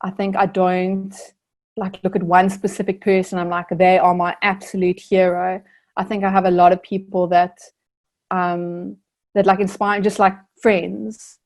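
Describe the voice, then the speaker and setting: A woman's voice: lowish voice, darkish tone. Earnest young woman, rambling and reflective. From South Africa. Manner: earnest, reflective, many fillers like "like" and "um". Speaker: guest, Olympic rower. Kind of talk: casual interview answers.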